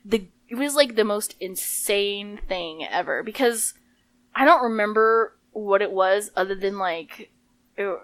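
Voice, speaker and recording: Animated, foul-mouthed woman telling a story. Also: mid-range voice, unhurried. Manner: animated storytelling, swears often, laughs a lot. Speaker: podcast co-host. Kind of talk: casual chat.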